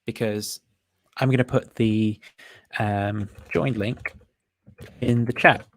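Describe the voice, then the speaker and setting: A man's voice: fairly low pitch, steady tone, slow pace, a bit bright. A man hosting a casual livestream, rambling and thinking aloud with frequent fillers and self-amused laughs. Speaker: host.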